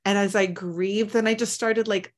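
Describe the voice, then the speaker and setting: A woman's voice: mid-range voice, steady tone, normal speed. A woman co-hosting a podcast in casual chat, earnest and heartfelt, leaning on lots of "like" fillers. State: tearful. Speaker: podcast co-host.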